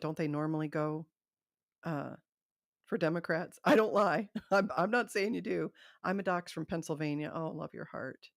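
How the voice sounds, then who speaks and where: A woman's voice: deep voice, creaky, no echo, clean studio sound. A middle-aged woman hosting a live stream, chatting casually and rambling, laughing often. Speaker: livestream host.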